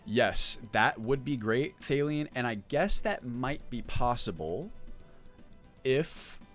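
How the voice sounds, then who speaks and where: A man's voice: mid-range voice, expressive, takes it slowly, fairly bright tone, faint music behind. A man running a casual livestream, chatting as he explains update details and answers chat, thinking aloud as he goes. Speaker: mod developer streaming.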